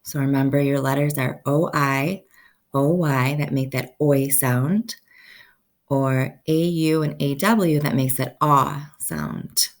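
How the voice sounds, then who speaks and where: A woman teaching a first-grade phonics lesson, slowly stretching out each sound so children can say the words with her. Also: rumbling low, steady tone.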